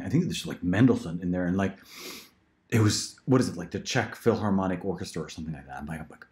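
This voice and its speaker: Chatty man with wild pitch jumps. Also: quick pace, a little mellow. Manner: chatty, laughs often, big jumps into high pitch. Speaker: parent auditioning as a voice actor. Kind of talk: casual rambling monologue.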